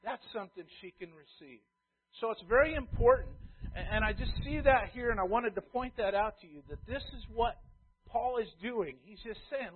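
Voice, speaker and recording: A man preaching a sermon as a pastor, emphatic, swinging between loud stress and quiet asides. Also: sits high, animated, moderate pace, a little hiss or hum. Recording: tinny phone-like sound.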